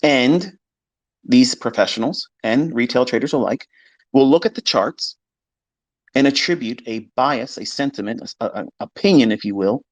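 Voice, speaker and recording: Man, mid pitch, blunt and profane, casual monologue to a live audio audience. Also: moderate pace. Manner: blunt, emphatic, swears, mimics skeptics in quoted asides. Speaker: trading educator hosting a live audio space. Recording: live audio chat stream.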